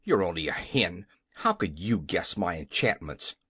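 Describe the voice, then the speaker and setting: A reader voicing a short-tempered gnome king in a storybook who blusters, shouts and growls. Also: sits low, big pitch swings, measured pace, slightly rough, no room sound, clean studio sound, voice pushed down, full character voice. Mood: blustering. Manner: blustering, easily startled.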